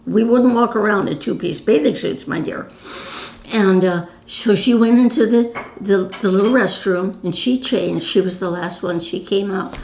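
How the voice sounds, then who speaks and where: Chatty old lady in her 90s telling stories, middle pitch, echoey room. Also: moderate pace, a little mellow. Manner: chatty, reminiscing, addresses viewer as "my dear". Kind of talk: casual storytelling to camera. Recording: roomy echo.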